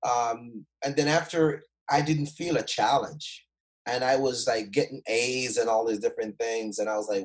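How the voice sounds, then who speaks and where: A man's voice: mid-range voice, moderate pace, poor audio. A man from Jamaica, a motivational speaker, telling his life story as an interview guest. He talks energetically, acts out the people he quotes, and uses many fillers and restarts. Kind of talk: animated personal storytelling in an interview.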